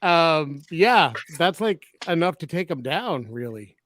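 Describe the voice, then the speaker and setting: A man's voice: a little high, sing-song, slow, fairly bright tone, slight background noise. A man co-hosting a podcast, chatting casually about a horror film with sarcastic asides and frequent laughter. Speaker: podcast co-host. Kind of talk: casual film review chat.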